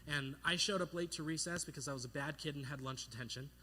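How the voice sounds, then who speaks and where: A young man preaching a sermon as pastor, telling a childhood story with playful, animated delivery and acting out the voices in it. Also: a little high, fast talker, a little hiss or hum. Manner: animated, playful, acts out voices in his stories.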